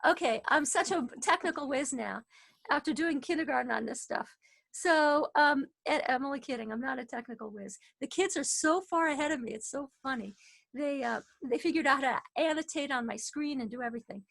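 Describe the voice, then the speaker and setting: A high-voiced woman leads an online class over a video call. She talks in a chatty way, with many fillers and restarts. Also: brisk, vocal fry, a bit bright. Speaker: teacher.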